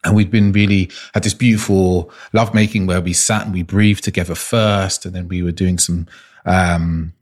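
A man's voice: low voice, fairly even intonation, moderate pace. A man being interviewed as an intimacy coach, telling personal stories earnestly and restarting often. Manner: earnest, searching, frequent restarts.

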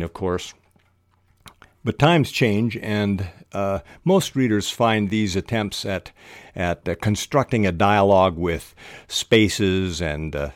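Deep-voiced older man teaching writing. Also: dry recording, clean studio sound. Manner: unhurried, with hesitant restarts and fillers. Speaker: podcast host teaching fiction writing. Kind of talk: instructional talk on writing.

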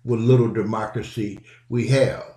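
A man's voice: lowish voice, steady tone, normal speed, warm tone, reverberant. A middle-aged man hosting his own podcast, talking bluntly and casually and repeating himself for emphasis. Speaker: podcast host. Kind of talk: casual solo podcast commentary.

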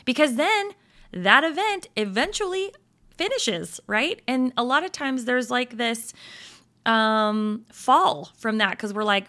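A woman in her thirties with a high-leaning, animated, sharp-toned voice speaks slowly as a Christian women's encouragement host. Her devotional talk is upbeat and chatty: she often checks in with listeners, laughs easily and trails off into asides.

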